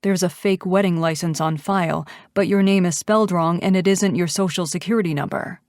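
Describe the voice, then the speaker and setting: Woman reading a steady biker man, calm, reassuring, lowish voice, dry sound. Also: brisk, dry recording, natural voice. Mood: matter-of-fact. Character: protective male biker, steady and gentle.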